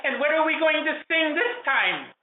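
A man's voice: very high-pitched, sing-song, moderate pace, a crowd in the background, voice pushed up. A man channeling a jovial male spirit with an unusual put-on accent, who teases and laughs while questioning his audience. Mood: playful. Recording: echoey room, tinny phone-like sound.

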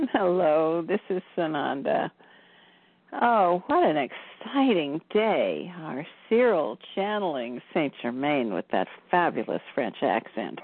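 A woman channeling a gentle male spirit teacher, reassuring and unhurried, over a tinny call line. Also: low-pitched, big pitch swings, slightly rough, dry recording, pitched below the performer's own voice, heavily acted. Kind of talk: channeling session.

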